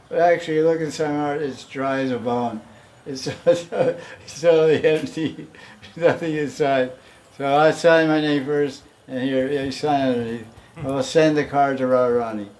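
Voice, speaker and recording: A spiritual teacher with a fairly high, slightly mellow voice leads a devotional class in a loose, conversational style. He chuckles often and acts out the pleas he quotes.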